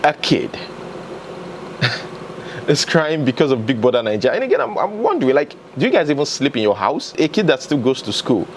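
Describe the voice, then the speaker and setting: A man's voice: medium pitch, big pitch swings, moderate pace, slight background noise, rough recording. A man hosting entertainment news, giving chatty, opinionated commentary and talking straight to his viewers.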